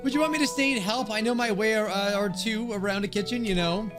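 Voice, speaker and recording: A man voicing a caring young woman healer who talks in a gentle, reassuring way. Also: high-pitched, fast, voice pushed up, natural voice. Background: game music.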